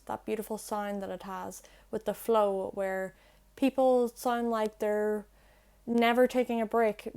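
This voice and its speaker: A woman's voice: medium pitch, a little mellow. Chatty young woman teaching pronunciation. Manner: chatty, self-deprecating, slows down to demonstrate sounds. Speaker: language-learning YouTuber. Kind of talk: explaining pronunciation to camera. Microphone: earphone mic plugged into a phone.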